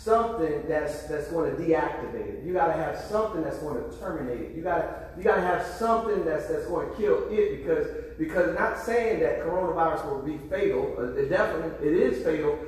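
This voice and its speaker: A man's voice: a little high, brisk. A man preaching a sermon to his congregation, often repeating words as he restarts, and calling out for responses. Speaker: pastor. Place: church sanctuary. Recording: echoey hall, far from the mic.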